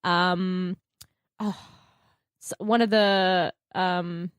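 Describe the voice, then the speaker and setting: A woman's voice: lowish voice, steady tone, very slow, clear, resonant tone, dry recording, studio quality. A young woman co-hosting a podcast in casual chat, giggly and playful. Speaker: podcast co-host.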